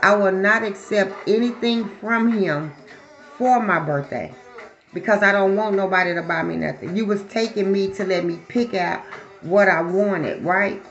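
A woman's voice: lowish voice, dull audio. A woman who talks bluntly and swears freely, chatting casually to her viewers before she does a psychic reading. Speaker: psychic reader.

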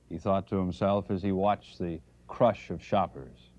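A man delivering an earnest Christmas Eve commentary as a TV news commentator, reading a story in a measured way, on a dull lo-fi 1970s TV tape. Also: low-pitched, darkish tone, no echo.

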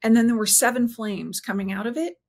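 Higher-voiced woman telling a personal story. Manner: earnest, halting with restarts. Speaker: interview guest.

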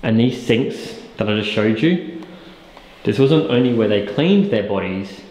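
A man's voice: on the low side, lively intonation, measured pace, a little mellow. A man talking casually to the camera in a vlog, chatty and easily spooked, using lots of filler words. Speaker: co-host of a ghost-hunting channel. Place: inside an empty old hospital building. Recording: echoey, reverberant room with faint noise.

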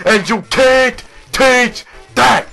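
A man putting on a slow, swaggering Italian-American wrestler voice, boasting like a cocky showman. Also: extremely high pitch, gravelly, sharp tone, voice pushed up, exaggerated voice. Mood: boastful.

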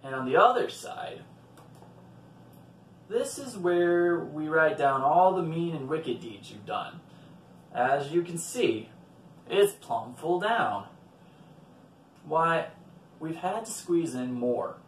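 A man voicing Saint Peter as a stern old gatekeeper, speaking quietly and slowly. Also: a little high, lively intonation, a little hiss or hum. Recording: roomy, from a distant mic.

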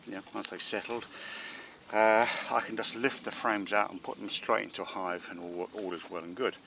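Gravelly beekeeper man outdoors. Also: on the low side, moderate pace, a little hiss or hum. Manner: chatty, talks to the bees, excitable exclamations. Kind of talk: casual narration while working a hive. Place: outdoors at a beehive. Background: buzzing bees.

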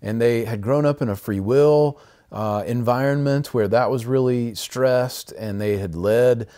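A man's voice: mid-range voice, a little slow, dark tone, clean tone. A man co-hosting a podcast, talking in a casual, rambling way with frequent restarts. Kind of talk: casual conversational podcast talk.

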